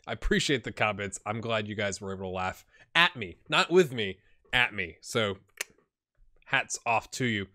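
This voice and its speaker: A man's voice: lowish voice, unhurried, pushed and bright, no echo, clean studio sound. A man hosting a gaming channel, chatting casually through video game commentary and often repeating words as he thinks aloud.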